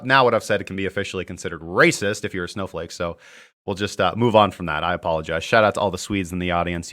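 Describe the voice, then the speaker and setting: A man's voice: low voice, sharp tone. A young man hosting a casual live market-analysis stream, chatty and joking as he reads viewer comments aloud. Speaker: crypto trading livestream host.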